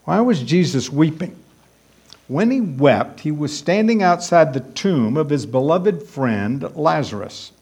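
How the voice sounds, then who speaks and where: Slow, emphatic male preacher. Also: a little high, animated, a little mellow, husky. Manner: emphatic, repeats key words for stress. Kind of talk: sermon.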